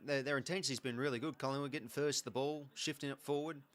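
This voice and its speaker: A man with an Australian accent hosting a live football watch-along, calling the play in an excitable, chatty way. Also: medium pitch, fast. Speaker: host.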